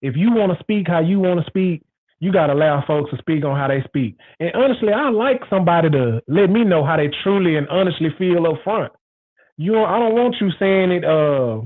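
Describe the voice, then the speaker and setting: A man with a high voice hosts his own show, speaking in a loose, frank casual monologue. He circles back and repeats himself for emphasis. The sound is thin and tinny, like a phone line. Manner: rambling, repetitive, frank and emphatic. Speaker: show host.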